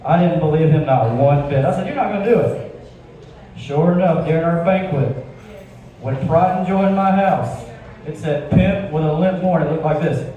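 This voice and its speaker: A man's voice: a little high, normal speed, dark tone, dull audio. A man from Georgia, doing a self-deprecating stand-up set and telling stories in a conversational way on a club stage. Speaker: stand-up comedian. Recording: echoey club from far off, crowd. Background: audience.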